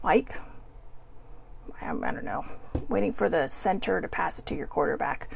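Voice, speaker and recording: A woman's voice: low-pitched, huge pitch swings, brisk, vocal fry, slight background noise. A woman host chatting casually to viewers as she reads oracle cards, rambling and upbeat with playful asides. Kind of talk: casual spiritual chat to viewers.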